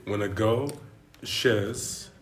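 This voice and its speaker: A man with a low voice speaks a little hesitantly during a casual group chat. A faint hiss sits in the background. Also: drawn-out words.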